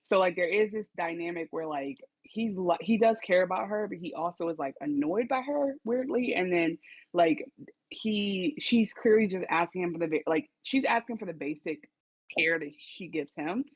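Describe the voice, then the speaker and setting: A woman's voice: lowish voice, moderate pace, slightly rough, highs cut off. A woman co-hosting a podcast, thinking aloud in a casual, reflective way about a TV episode. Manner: reflective, hedging with fillers. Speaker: podcast co-host. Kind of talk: casual recap chat.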